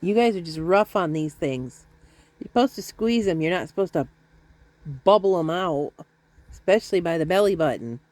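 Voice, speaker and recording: A middle-aged woman with a slightly low voice chats to her viewers from home. She rambles, pokes fun at herself and wanders from one thing to the next. The sound is dry and close, with little room echo. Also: lively intonation, moderate pace, a little mellow. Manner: rambling, chatty, self-deprecating with laughs. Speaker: vlogger. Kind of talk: casual chat to camera. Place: at home, indoors.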